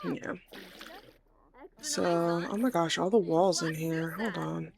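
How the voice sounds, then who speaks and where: A woman's voice: lowish voice, takes it slowly, creaky, darkish tone. A young woman giving casual, chatty commentary while playing a life-sim game, often correcting herself. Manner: chatty, self-correcting, laughs easily. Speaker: game streamer.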